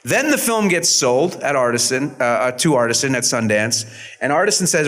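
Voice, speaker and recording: A man in his fifties, an actor on a convention panel, telling stories in an animated, self-deprecating way. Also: medium pitch, fairly quick. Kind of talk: storytelling panel talk.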